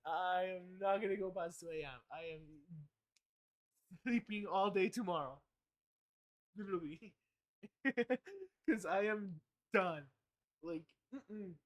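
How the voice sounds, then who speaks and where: A man's voice: high voice, slow pace, pauses often. A young man rambling through a casual live stream, often correcting himself and swearing freely.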